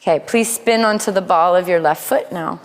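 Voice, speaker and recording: A woman teaching a live yoga class, cueing poses in a playful way with quick asides. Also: fairly low pitch. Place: yoga studio. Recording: long hall reverb in studio.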